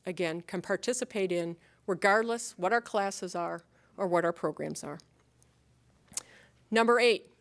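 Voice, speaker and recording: Midwest-accented woman college president giving a speech, earnest and rallying, mid-pitched voice, some jokes thrown in. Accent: Upper Midwest American. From Upper Midwest of the United States. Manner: earnest, rallying, with rhetorical questions and light humor. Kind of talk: convocation address.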